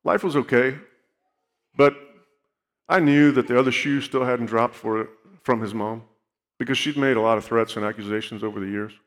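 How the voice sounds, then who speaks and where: A man at middle pitch telling a personal testimony from a church stage. He speaks earnestly and keeps checking in with his listeners. A long reverb from the big hall hangs on his words. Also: moderate pace, long pauses. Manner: earnest storytelling, checks in with "okay?". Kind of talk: sermon testimony.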